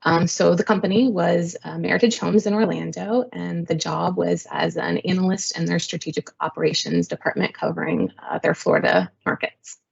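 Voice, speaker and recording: A woman's voice: lowish voice, steady tone, normal speed, creaky, hardly any pauses, slightly rough. A woman in her thirties, a guest on an interview show, telling her career story in a chatty, self-deprecating way with many ums. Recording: slightly dull lo-fi audio.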